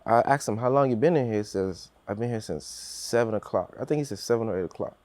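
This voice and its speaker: A man's voice: lowish voice, fast, a little mellow, dry recording. A man telling a personal story on a podcast in earnest, acting out what others said, with many restarts.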